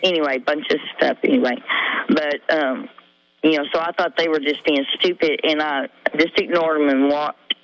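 A middle-aged woman calling in to a radio show, telling her story in a halting, rambling way full of fillers. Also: sits low, fairly even intonation. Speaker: caller. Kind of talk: emotional call-in confession. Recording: dull lo-fi radio call.

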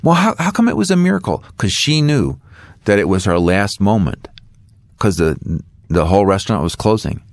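A man's voice: on the low side, moderate pace, no echo, clean studio sound. A middle-aged man, an author and guest, telling a faith story and acting out the voices in it. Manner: animated storyteller acting out dialogue.

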